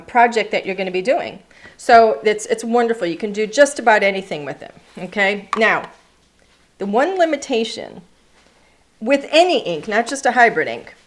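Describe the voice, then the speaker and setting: A woman hosting a live card-making class, chatty and upbeat, greeting viewers by name as she demonstrates. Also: mid-range voice. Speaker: craft class host. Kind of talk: live-streamed craft demonstration. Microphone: overhead camera setup.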